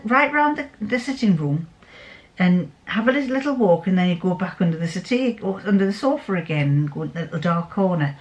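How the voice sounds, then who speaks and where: A middle-aged woman chatting casually in a sewing vlog, rambling fondly through a homely story. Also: lowish voice. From England. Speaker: sewing vlogger. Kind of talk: casual chat.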